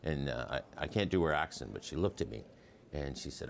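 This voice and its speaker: Guest historian, man, very low gravelly voice with a lively swing, chuckles through his stories. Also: normal speed, slight background noise. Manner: chuckling, loose and chatty with many fillers. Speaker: historian and memoir assistant, interview guest. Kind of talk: anecdotal interview storytelling.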